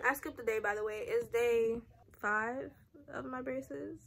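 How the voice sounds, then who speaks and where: A woman's voice: a little high, bright, forceful tone. Chatty, blunt young woman vlogging. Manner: blunt, swears a lot, slangy and chatty. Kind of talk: casual vlog talk to camera. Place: at home.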